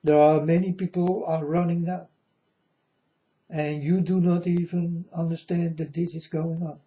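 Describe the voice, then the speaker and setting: Man, rambling preachy monologue, slightly high voice, muffled lo-fi sound. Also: flat delivery, dark tone. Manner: slow, repetitive, preachy, addresses viewers as folks. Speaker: self-styled prophet. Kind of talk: rambling religious monologue to viewers. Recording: dull lo-fi sound.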